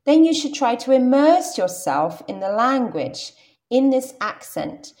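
A woman's voice: high-pitched, big pitch swings, measured pace, a little mellow. A young adult woman with a modern received pronunciation British accent, teaching English in a careful, explanatory lesson. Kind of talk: scripted podcast lesson.

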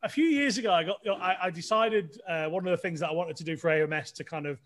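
A middle-aged man tells stories casually as a podcast guest, chatty and self-deprecating, with many restarts. His voice is high, quick and fairly bright.

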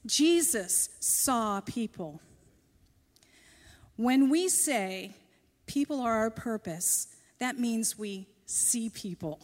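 A church speaker preaches to a congregation, sharing a personal story with gentle self-deprecating humor. Her fairly high voice has lively intonation and an unhurried pace, and a large church hall's long reverb surrounds it.

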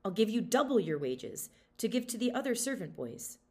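A woman's voice: fairly high pitch, very animated, normal speed. Lady doing a grumbling miserly old farmer, storybook style, swoopy delivery. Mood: pleading.

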